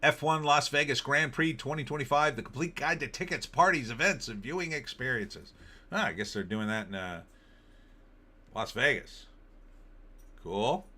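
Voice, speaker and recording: A man's voice: mid-range voice, animated, moderate pace, pushed and bright. A middle-aged man hosting a show, casually commenting on headlines in a sarcastic, ranting way. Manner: sarcastic, ranting, mocking asides in put-on voices. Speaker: host of an opinion show.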